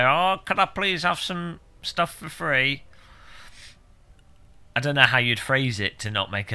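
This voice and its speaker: A British man chatting casually with viewers on a game stream, rambling and cracking deadpan, absurd jokes. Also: mid-range voice, clear, resonant tone. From United Kingdom. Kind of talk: casual live-stream chat.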